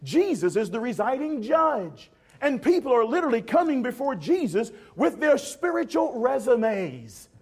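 A male preacher delivers a sermon with a high voice that leaps up and down. He is emphatic and dramatic, and he calls out to his listeners directly. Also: darkish tone, husky.

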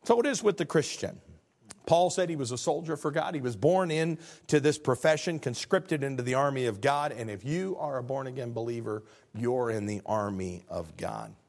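An older man preaching a sermon, rising to loud high peaks and dropping low and quiet, often restarting phrases and asking his listeners questions. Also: moderate pace, gravelly. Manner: stumbling restarts, asks the congregation questions. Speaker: pastor.

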